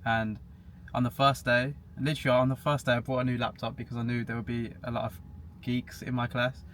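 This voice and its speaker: A man's voice: medium pitch, little pitch movement, brisk, a bit bright. A young man chatting casually as a podcast guest, matter-of-fact and laughing at himself now and then. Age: young adult. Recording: faint background hiss.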